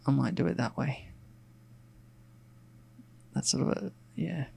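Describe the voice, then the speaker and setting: A man with an Australian accent, softened by some English RP, chats casually and rambles aloud while sketching on a live stream, with plenty of fillers and restarts. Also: medium pitch, measured pace, creaky, husky. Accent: Australian, with some English RP picked up. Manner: relaxed and rambling, thinking aloud with many fillers. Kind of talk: casual narration while drawing.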